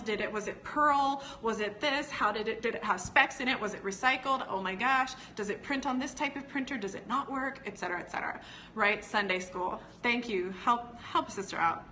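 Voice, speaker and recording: An American business educator teaches on a casual live stream, chatty and digressive, laughing often and responding to viewers' comments as they arrive. Her voice runs high and a little fast with a sharp tone, over a little hiss or hum.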